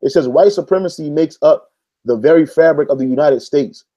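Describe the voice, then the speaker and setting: Brief: man with a somewhat high, warm voice, preaching loosely over a read-aloud article. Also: a little fast. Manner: street-casual, peppers lines with "man"; stops to reread passages and argue back. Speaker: religious commentator. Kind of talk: informal preaching while reading an article aloud.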